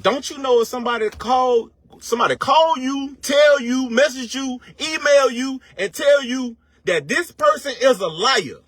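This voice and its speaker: A man's voice: very high voice, fairly bright tone, no room sound. A man giving a casual, profane motivational rant, full of slang and rhetorical questions, stretching words for emphasis. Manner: preachy, drawn-out emphasis. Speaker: online commentator.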